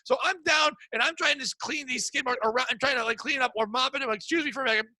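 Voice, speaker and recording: A young adult man, a podcast co-host, telling a crude comedic story, animated and acting out the people in it. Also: very high-pitched, racing, no room sound. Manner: crude, animated, acts out voices in anecdotes.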